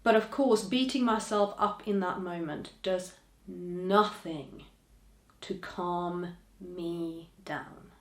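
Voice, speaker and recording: A woman hosting a podcast, speaking to listeners in a gentle, encouraging way with soft trailing endings. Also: fairly low pitch, steady tone, slow pace, echoey room. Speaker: podcast host. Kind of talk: reflective podcast monologue.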